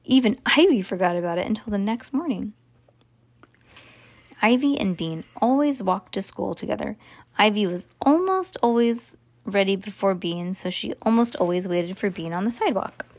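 Mom reading a kids' book aloud. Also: female voice, medium pitch, normal speed. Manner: relaxed, chatty asides.

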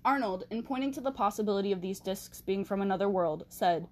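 A woman's voice: mid-range voice, brisk, a little mellow. Chatty woman narrating a history podcast. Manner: chatty asides and self-corrections, laughs at herself. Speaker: podcast host. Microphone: handheld mic she has to hold still.

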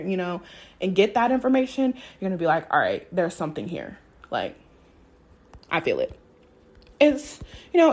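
A woman's voice: medium pitch, darkish tone. A young woman hosting a casual spiritual podcast, talking candidly, swearing freely and laughing often. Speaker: podcast host.

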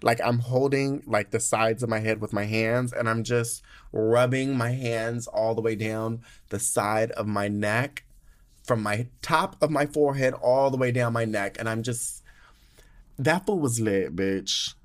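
A young American podcast host recaps his trip in a casual monologue, sassy and animated, swearing a lot and gushing with drawn-out words. His voice sits in the mid range.

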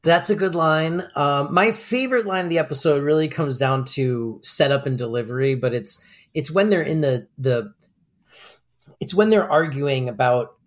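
A man co-hosting a podcast, chatting playfully and acting out favourite lines from a sitcom. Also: mid-range voice. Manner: playful, quotes lines in little voices. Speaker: podcast co-host. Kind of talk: casual chat recapping a sitcom episode.

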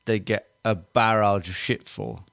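A man's voice: lowish voice, steady tone, unhurried, vocal fry, a bit bright, dry recording, studio quality. A man hosting a podcast in casual chat, joking, laughing often and acting out quoted voices. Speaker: podcast host.

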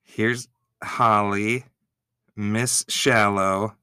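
A man giving excitable, gushing reaction commentary, swearing freely as he reacts. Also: on the low side, extremely slow, clear, resonant tone, no room sound, studio quality.

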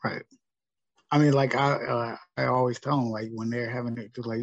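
A man, a teacher and podcast guest, telling stories in a casual, animated way and acting out his students' lines. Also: medium pitch, normal speed, gravelly, no echo. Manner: animated, acts out students' lines, many fillers. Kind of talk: casual storytelling conversation. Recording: muffled dry podcast audio.

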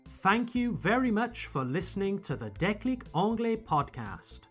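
A man hosting a podcast language lesson, slowly and clearly modeling example phrases for learners. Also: sits high, sing-song, fairly bright tone, faint music behind. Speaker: English teacher and podcast host.

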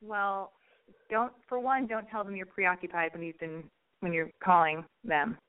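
A young woman hosts a casual call-in show, rambling from one thought to the next with blunt jokes and plenty of swearing. Her voice sits at an ordinary middle pitch for a woman. The sound is thin and narrow, like a phone line. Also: steady tone, measured pace, smooth. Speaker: radio call-in host.

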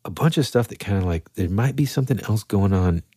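A man's voice: fairly low pitch, expressive, a little fast, dark tone, no room sound, studio quality. A man co-hosting a podcast in casual chat, musing hesitantly with lots of fillers. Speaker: podcast co-host.

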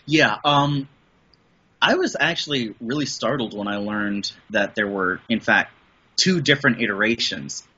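A man's voice: fairly low pitch, measured pace, sharp tone, husky, highs cut off. A middle-aged man from the Midwest, chatting casually as a podcast guest, rambling enthusiastically with frequent restarts. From American Midwest. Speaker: podcast guest, voice and audio producer. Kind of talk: casual interview chat.

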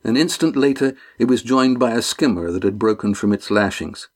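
A man narrating a novel as an audiobook, steady and measured. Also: fairly low pitch. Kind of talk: scripted narration.

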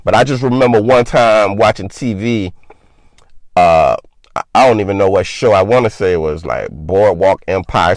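Casting: young man, low voice, dry close sound, rambling profane storyteller full of fillers. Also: no room sound. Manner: loose and profane, heavy on filler words. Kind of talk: casual personal storytelling.

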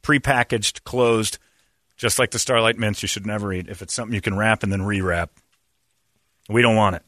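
A middle-aged man hosting a radio show, telling stories in a rambling, animated way. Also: on the low side, brisk, dry recording, clean studio sound. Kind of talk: morning radio banter.

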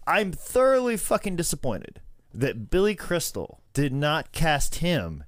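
A man co-hosts a casual podcast, telling long rambling stories with plenty of swearing and laughter. His voice sits a little high. The sound is dry and close. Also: measured pace, no echo. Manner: rambling, animated storytelling with frequent swearing and laughter. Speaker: podcast co-host. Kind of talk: casual chat.

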